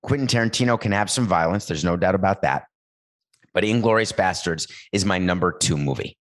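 Playful rambling man hosting a show. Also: a little fast. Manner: playful, rambling, with sudden pitch jumps. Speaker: show host. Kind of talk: comedic talk-show monologue with ad read.

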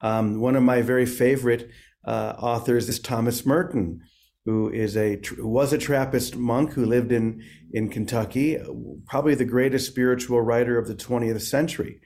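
A man who is a priest and author, talking gently and reflectively about faith, with many small restarts. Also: mid-range voice, fairly even intonation, normal speed. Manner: gentle, searching, with frequent restarts. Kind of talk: reflective spiritual interview.

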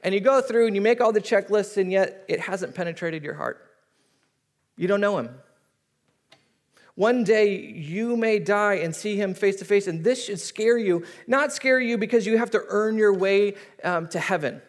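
A man's voice: sits high, normal speed. A man in his thirties preaching a sermon as a pastor, telling stories and acting out voices. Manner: animated storytelling, acting out voices.

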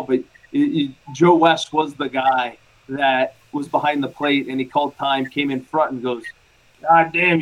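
A man's voice: on the high side, rough recording. A man and former catcher recalling games in casual chat, poking fun at himself. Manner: self-mocking, rambling recollection.

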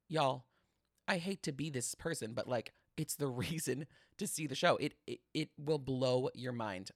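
A man's voice: a little high, fairly bright tone, dry recording, clean studio sound. A man hosting a podcast in a casual monologue, dramatic and gushing, who chats at the listener and keeps saying "you guys". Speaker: podcast host.

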